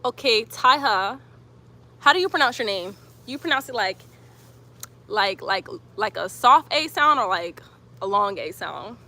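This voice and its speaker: A woman guiding a yoga stretch routine with steady breathing cues and casual asides. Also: mid-range voice, unhurried. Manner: calm breath cues, chatty when reading comments. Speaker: yoga instructor. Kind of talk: guided yoga instruction.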